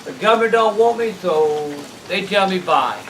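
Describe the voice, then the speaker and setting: Storyteller in his sixties, folksy, relaxed, high-pitched voice, faint rain in the background, roomy sound. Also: moderate pace, a little hiss or hum. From South Carolina. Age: 60s. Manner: folksy, drawling, plain-spoken. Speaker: storyteller host. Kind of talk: casual storytelling. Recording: echoey room, mic at a distance, faint rain.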